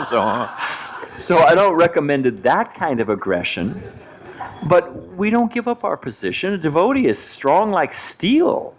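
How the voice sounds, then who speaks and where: A man in his sixties giving a devotional class, an animated storyteller who swings his pitch and chuckles between points. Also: a little hiss or hum. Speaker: spiritual teacher.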